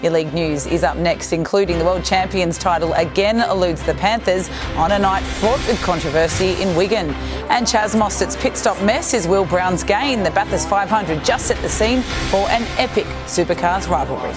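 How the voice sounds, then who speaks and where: Woman presenting sports, slightly low. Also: normal speed, over music. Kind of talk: scripted sports news reading.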